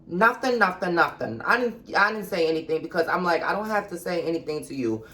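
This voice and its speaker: In a storytime vlog, a young woman confides in her viewers, calling them girl and baby as she chattily and dramatically retells what happened. Her voice is fairly low, animated and fairly bright in tone, and she talks fairly quickly.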